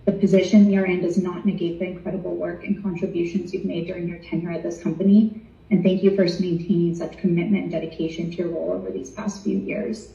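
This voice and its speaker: A woman reading a prepared layoff statement in a measured, scripted way on a call. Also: fairly low pitch, flat delivery, creaky, dark tone, reverberant, far from the mic, lo-fi sound.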